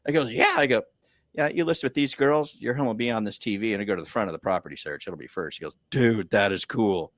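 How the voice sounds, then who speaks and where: Man, loan officer, animated storyteller, casual chat, acts out quotes, dry close sound. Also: on the low side, quick pace, no room sound.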